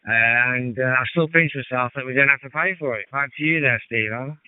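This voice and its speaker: A man's voice: medium pitch, brisk, clean tone, no room sound. Birmingham man over tinny ham radio. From England. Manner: relaxed, rambling with many fillers. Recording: tinny radio transmission, dry.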